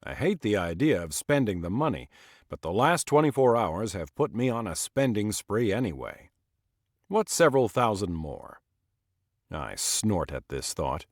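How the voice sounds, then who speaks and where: A man reading a first-person audiobook in a measured, expressive way. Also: fairly low pitch, no echo, studio quality. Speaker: audiobook narrator.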